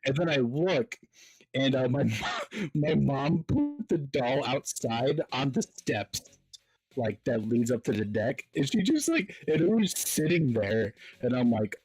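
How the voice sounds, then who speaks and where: A man's voice: medium pitch, big pitch swings, a little slow, darkish tone. A man hosting a podcast, telling a story casually with lots of fillers and laughs. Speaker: podcast host. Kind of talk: casual chat.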